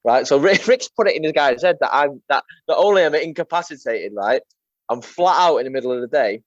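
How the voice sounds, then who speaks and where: A young man, an MMA fighter appearing as a guest, chats casually and rambles through stories, swearing and saying "mate" again and again. His voice is a little high, animated and brisk. The recording is dry, with a dull lo-fi sound.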